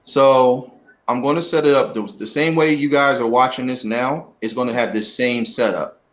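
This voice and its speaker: A man's voice: medium pitch, steady tone, normal speed, fairly bright tone. Earnest man on dull lo-fi audio. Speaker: guest, gamer and streamer. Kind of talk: casual live-stream interview.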